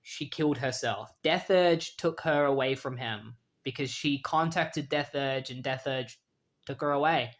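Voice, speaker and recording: A man's voice: medium pitch, a little slow. A man casually retelling a comic book story in a loose, chatty way, often saying "like".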